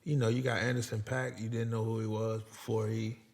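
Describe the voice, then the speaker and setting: A man co-hosting a podcast in slangy casual chat, asking questions and agreeing quickly. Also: lowish voice, flat delivery, creaky, a little mellow. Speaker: podcast co-host and basketball player.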